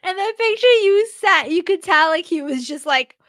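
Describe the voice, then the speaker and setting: A woman's voice: extremely high pitch, lively intonation, normal speed, a bit bright, no echo, studio quality. A woman co-hosting a podcast in casual chat, laughing often and saying "like" a lot. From United States. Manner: giggly, says "like" often. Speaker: podcast co-host.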